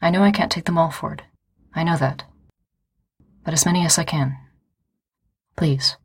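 A woman's voice: sits low, moderate pace, gravelly, breathy edge, exaggerated voice. A woman reading the part of a stubborn wounded young woman mail carrier, speaking with determination. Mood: pleading.

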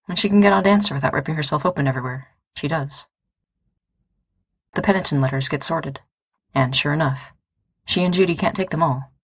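A woman narrating a story in a calm, measured reading voice. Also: sits low, breathy edge, no echo, clean studio sound. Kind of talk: audiobook-style story reading.

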